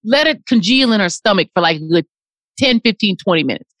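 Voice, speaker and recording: Animated woman telling funny stories. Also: mid-range voice, a little fast, no room sound, rough recording. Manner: animated storyteller, playful. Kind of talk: casual chat.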